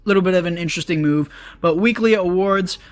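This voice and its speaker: This gaming YouTuber is a young man with a high voice and a brisk delivery, recorded dry with soft music underneath. Casual and upbeat, he chats his way through a video game and addresses his audience as "boys."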